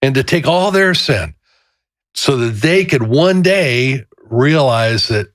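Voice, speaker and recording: A man's voice: medium pitch, slow pace. A man with an ordinary mid-range voice tells stories with energy and lots of animation. His podcast sound is dry and close, with no room echo. He talks in an easy, casual way. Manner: animated storyteller, acts out quotes loudly. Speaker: podcast co-host. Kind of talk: casual chat with storytelling.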